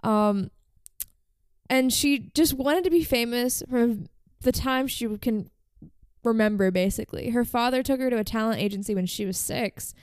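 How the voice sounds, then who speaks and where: A woman's voice: on the high side, normal speed, darkish tone, smooth, no room sound. A woman hosting a podcast, telling a story in casual chat with lots of "like" fillers. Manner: chatty, frequent "like" fillers. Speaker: podcast host.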